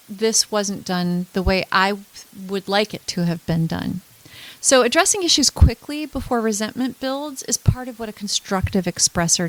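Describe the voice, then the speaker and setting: A woman's voice: medium pitch, rough recording. Woman coach, mid-range voice, earnest casual teaching, models example phrases.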